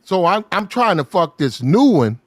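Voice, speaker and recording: A man telling a crude story in casual podcast talk, loud and animated, swearing and acting out the quotes. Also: high-pitched, moderate pace, no echo.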